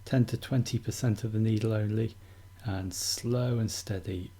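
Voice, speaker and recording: A man calmly teaching acupuncture technique in a steady, methodical instructional demonstration. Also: on the low side, normal speed, few pauses, husky. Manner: calm, steady, methodical explaining.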